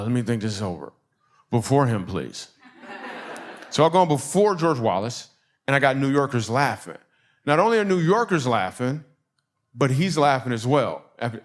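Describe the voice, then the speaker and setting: Man telling a comic story. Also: mid-range voice. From Michigan. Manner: animated storyteller acting out dialogue, audience laughing. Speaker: comedian and speaker. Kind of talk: comedic storytelling message.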